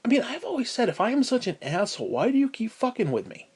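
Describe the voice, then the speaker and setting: A man in pain ranting angrily and profanely to camera, swinging between loud outbursts and low mutters. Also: huge pitch swings, fast talker, husky. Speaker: vlogger.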